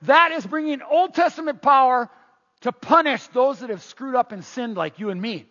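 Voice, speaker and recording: A man preaching a sermon in an animated way, full of rhetorical questions, in a dull, echoey hall recording. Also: very high-pitched, normal speed. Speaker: pastor.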